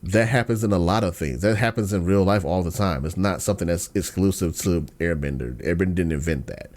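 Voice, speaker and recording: A man hosting a podcast in casual chat, slangy and ranting, dropping to low mumbles and then bursting into excited outbursts. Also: fairly quick. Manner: slangy, lots of fillers and restarts. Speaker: podcast host.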